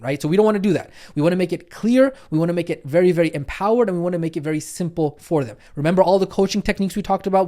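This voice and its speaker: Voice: medium pitch, a little mellow. This is a coaching trainer speaking in a recorded training lecture. The delivery is emphatic, leaning on repeated key phrases. Short check-ins like "right?" and "okay?" keep coming back.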